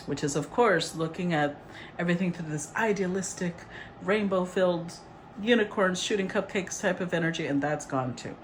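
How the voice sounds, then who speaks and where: A woman giving a casual, rambling tarot reading, chatty and quick to laugh. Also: sits low, slight background noise. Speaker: tarot reader.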